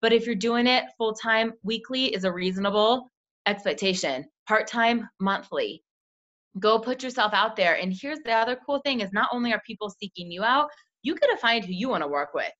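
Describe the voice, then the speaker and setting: A young woman, a team leader, coaching sales recruits in a chatty way, acting out quick bits of dialogue. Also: a little high, animated, fairly bright tone. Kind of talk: coaching call talk. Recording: dull lo-fi call audio.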